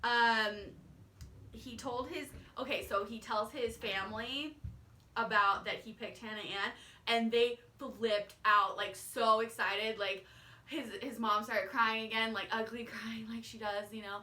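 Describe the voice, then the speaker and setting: A woman's voice: fairly high pitch, fairly even intonation, unhurried, bright, forceful tone, far from the mic. A woman casually recapping a TV finale, rambling with lots of fillers and "like". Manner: rambling with many fillers and likes. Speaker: vlogger recapping a TV show. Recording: echoey room, off-mic.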